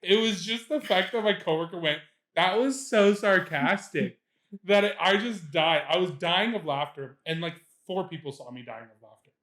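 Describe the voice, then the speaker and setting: A man's voice: on the high side, brisk, hardly any pauses, bright, forceful tone. A young man co-hosting a podcast, telling a story in casual chat, laughing at himself and swearing freely. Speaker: podcast co-host. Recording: echoey room.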